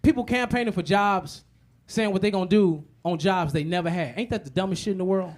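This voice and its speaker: A man performing a stand-up comedy set. His delivery is animated and profane, and he swings between muttered asides and loud punchlines. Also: high voice, fairly quick. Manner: animated, profane storytelling with many repetitions.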